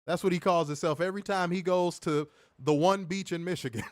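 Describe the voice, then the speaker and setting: Male stream host, higher voice, animated loud joker, dry mic. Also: brisk, dry recording. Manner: loud, joking, laughs often, animated. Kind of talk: casual live-stream chat reading donations.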